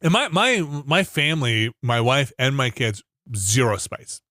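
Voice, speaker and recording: A man hosting a podcast in casual chat, telling stories with lively acted-out quotes. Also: medium pitch, unhurried, no echo, studio quality. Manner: animated storyteller, acts out quoted lines. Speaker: podcast host.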